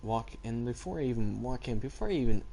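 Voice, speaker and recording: A man's voice: medium pitch, lively intonation, fast, vocal fry, mellow, a little hiss or hum. A teenage boy chatting casually and rambling as he tells stories in a vlog. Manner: rambling, laid-back storytelling. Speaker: vlogger. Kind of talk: casual chat.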